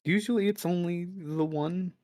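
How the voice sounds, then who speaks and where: A jittery village leader stumbles over his words and repeats himself as he asks for help, as a man plays him. The voice sits a little high. The sound is dry and close. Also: normal speed, darkish tone, dry recording, lightly acted. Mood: nervous. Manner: stammering, hesitant. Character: nervous stammering male village leader.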